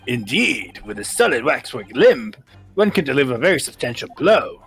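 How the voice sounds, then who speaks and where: A man's voice: medium pitch, big pitch swings, moderate pace, a bit bright, husky, soft background music, full character voice. Theatrical male detective, grand and eccentric, read by a man. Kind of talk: voicing game dialogue.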